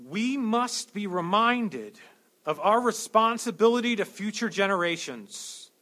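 Male pastor, sermon, high bright voice, slow deliberate delivery. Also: animated. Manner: dynamic preaching, booming emphasis and joking asides.

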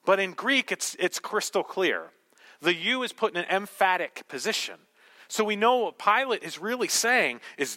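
A male pastor delivers a sermon to a congregation in a high, bright voice. He leans hard on key words, then falls to a near whisper for emphasis. His delivery stays theatrical and insistent throughout. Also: very animated, normal speed. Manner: dramatic swings from loud emphasis to hushed whisper. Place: church hall with congregation.

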